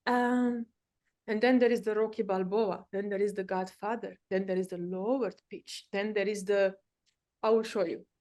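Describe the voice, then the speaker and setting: A woman's voice: mid-range voice, fairly even intonation, normal speed, a little mellow. A woman teaching a live voice-coaching lesson. She explains each point emphatically and changes her delivery to demonstrate. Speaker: speaking and voice coach.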